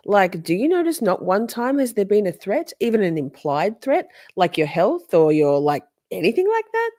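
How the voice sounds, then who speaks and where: A woman's voice: medium pitch, sing-song, moderate pace, few pauses, dark tone. Chatty sarcastic woman doing a casual stream recap, voice jumps all over. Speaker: host recapping a trial. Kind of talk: casual livestream commentary.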